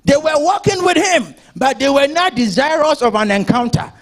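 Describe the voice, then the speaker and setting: A man preaching a sermon as pastor, moving from speech into shouted and sung passages. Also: very high-pitched, normal speed.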